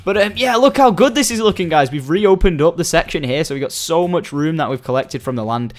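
A young Scottish man giving casual, excitable commentary while playing a building game, chatting to viewers and the animals. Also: a little high, brisk, faint music behind. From Scotland. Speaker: gaming commentator.

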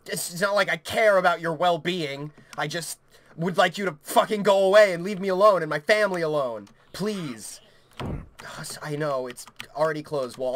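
Panicky young man with a high voice. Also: slight background noise. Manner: panicky, swearing, swings from shouting to hushed muttering. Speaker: gaming YouTuber. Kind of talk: horror game let's play commentary.

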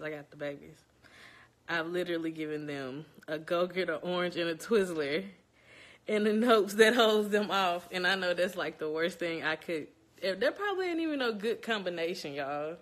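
Nervous before an interview, a young woman from Louisiana chats casually with viewers from inside her home. Her voice is on the low side and her pace is normal.

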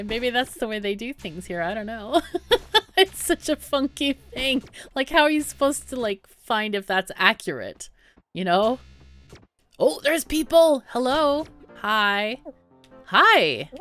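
A woman giving casual, bubbly gameplay commentary, thinking out loud and giggling often. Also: on the high side. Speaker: let's play gamer.

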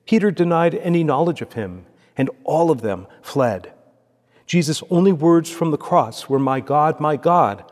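Solemn priest in a reverberant church. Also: male voice, on the high side, darkish tone. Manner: measured, solemn liturgical delivery. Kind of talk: reading scripture aloud and preaching. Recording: long echoey church reverb.

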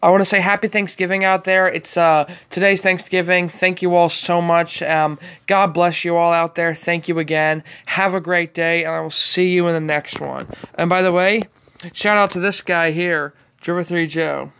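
A man's voice: high-pitched, little pitch movement, normal speed, fairly bright tone, clean tone. A man hosting a casual reaction video, chatty and easily amused, laughing often between remarks.

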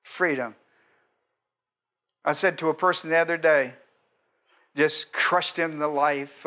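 This expository sermon comes from a male pastor who speaks slowly, leaving long pauses. He's animated and keeps questioning his listeners, at times dropping to a quiet, low tone to stress a point.

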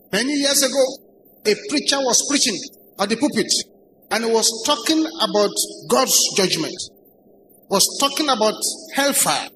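Man, Nigerian English accent, high voice, emphatic sermon, repeated phrases, faint church noise. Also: sharp tone, poor audio. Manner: emphatic, repeats key phrases, swings between high and low pitch. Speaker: pastor.

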